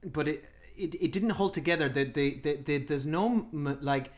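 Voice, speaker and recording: A man's voice: a little high, normal speed. Hesitant man co-hosting a film podcast. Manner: hesitant restarts, then firm verdicts. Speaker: podcast co-host. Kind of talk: casual film review chat.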